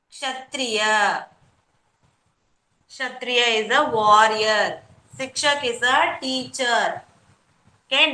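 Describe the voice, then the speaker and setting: A woman teaching young children an online lesson, sounding words out slowly syllable by syllable and praising them. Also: high-pitched, sharp tone, echoey room. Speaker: kindergarten teacher. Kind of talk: online class teaching Hindi letters.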